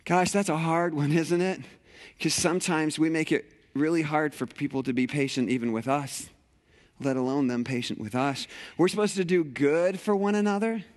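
A man preaching a conversational sermon in a church sanctuary, animated and playful with rhetorical questions. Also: fairly high pitch, moderate pace. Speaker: pastor.

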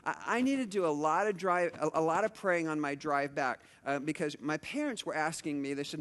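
Middle-aged male pastor, slightly high voice, chatty and story-driven. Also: moderate pace, hardly any pauses, fairly bright tone, long reverb tail, a little hiss or hum. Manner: chatty storytelling, many asides and restarts. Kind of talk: conversational sermon.

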